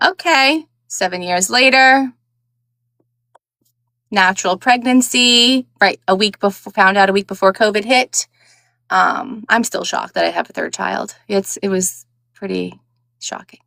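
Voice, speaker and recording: A frank, chatty woman with a New York accent, talking in an easy, rambling way with lots of "like" and "um." Her voice is close and dry, with no room sound around it, and sits at an ordinary middle pitch. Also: a little slow, vocal fry, sharp tone, dry recording. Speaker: guest audiobook narrator. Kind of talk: casual chat.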